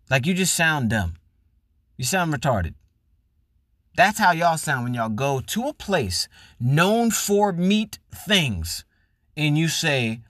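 A man's voice: on the high side, animated, a little slow, no room sound, clean studio sound. A man hosting a podcast, delivering a profane, mocking comedic rant and acting out the people he mocks. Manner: loud, profane, mocking, acts out voices. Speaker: podcast host.

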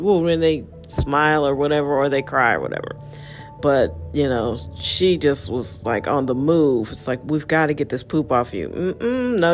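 A tired woman hosting her own podcast, talking in a rambling, candid way full of fillers. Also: very deep voice. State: tired, yawning. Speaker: podcast host. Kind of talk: casual monologue.

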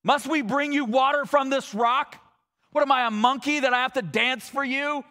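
A man playing a furious old prophet who is shouting. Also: very high-pitched, fairly quick, creaky, voice pushed up, heavily acted. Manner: yelling, blunt and scornful. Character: exasperated old male prophet, fed up and shouting.

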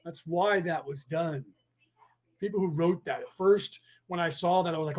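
A man's voice: a little high, moderate pace. A man delivering a rambling, profane monologue, full of rhetorical questions and sudden bursts of speed.

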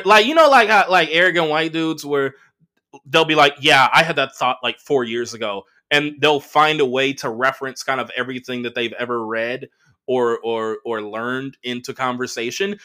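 A man in his early thirties with a Los Angeles accent hosts a casual solo podcast, telling a rambling, profane story packed with fillers. His voice is a little high with a sharp tone.

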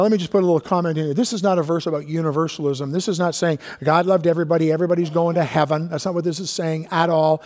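A man delivers a sermon from the pulpit with a somewhat high voice. He leans hard on single words and then sinks to a near hush. A long reverb from the church hall trails each phrase. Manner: emphatic preaching, drawn-out key words, drops to hushed tones. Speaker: pastor. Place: church sanctuary.

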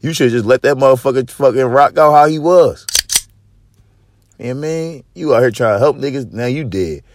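A man in his thirties or forties hosting a podcast, telling a story in casual chat with a profane, swaggering, animated manner. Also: medium pitch, fairly quick. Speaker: podcast host.

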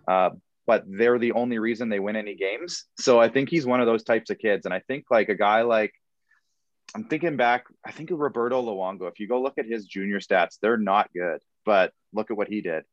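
A man co-hosting a casual hockey podcast, relaxed and joking, thinking aloud with fillers. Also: on the low side, fairly quick, no echo. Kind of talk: casual chat. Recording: dull lo-fi dry mic.

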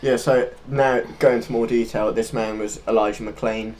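A man co-hosting a podcast, telling a story unscripted. He talks earnestly and rambles, stopping now and then to hunt for the right word. His pitch sits in the middle. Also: steady tone, moderate pace, a little mellow, slight background noise. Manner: earnest, loose and rambling, searching for words. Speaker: podcast co-host.

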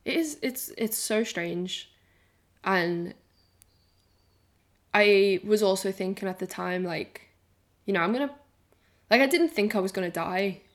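A woman's voice: mid-range voice, unhurried, long pauses. Woman in her 20s, podcast co-host, candid rambling chat. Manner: candid and rambling, swears, says "like" a lot. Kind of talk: casual chat.

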